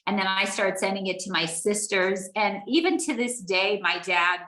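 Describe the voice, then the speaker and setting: A middle-aged woman earnestly telling a personal story as a guest, halting and restarting her sentences. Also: medium pitch, pushed and bright. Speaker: guest speaker. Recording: roomy echo.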